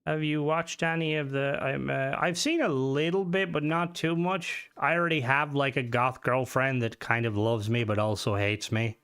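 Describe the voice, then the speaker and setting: A man streams a video game and rambles casually to his viewers, swearing freely and drifting between topics. His voice sits at an ordinary middle pitch for a man. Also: fairly even intonation, normal speed, few pauses, a bit bright, smooth. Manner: rambling, profane, chatting with viewers. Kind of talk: casual live-stream chat.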